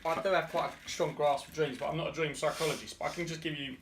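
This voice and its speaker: A man's voice: fairly high pitch, fairly even intonation, quick pace, distant mic, noisy background. A man co-hosting a podcast, talking earnestly in casual chat and often restarting his words. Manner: earnest, many restarts and stammers. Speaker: podcast co-host. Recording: roomy, off-mic.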